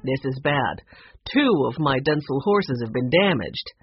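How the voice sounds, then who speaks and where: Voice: medium pitch, expressive, measured pace, over music, pitched below the performer's own voice, natural voice. A reader voicing a courteous, kindly man who owns a carousel, in a storybook reading. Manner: warm, courteous. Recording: muffled lo-fi audiobook recording.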